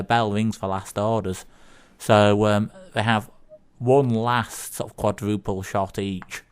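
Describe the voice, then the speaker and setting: A man's voice: fairly low pitch, smooth. A man from England with a Northern English accent, co-hosting a community radio show and telling jokes in a rambling, hesitant way. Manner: rambling, hesitant, full of fillers. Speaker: radio co-host.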